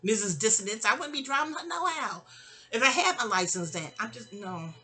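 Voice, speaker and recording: Bright-voiced, rambling New woman. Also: fairly high pitch, fairly quick, faint music behind. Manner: animated, rambling, digressive, sassy. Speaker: storyteller. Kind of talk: casual storytime monologue.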